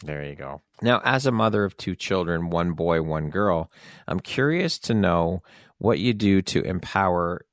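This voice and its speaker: A man's voice: sits low, lively intonation, measured pace, no room sound, clean studio sound. A man hosting an interview podcast, asking questions and affirming his guest, often laughing along. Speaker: podcast host.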